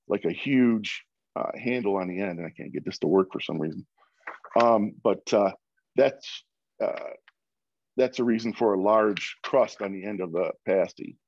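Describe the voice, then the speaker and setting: A man's voice: fairly low pitch, a little mellow, no room sound, lo-fi sound. A man from Michigan giving an informal presentation over a video call, with many fillers and restarts. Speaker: guest speaker.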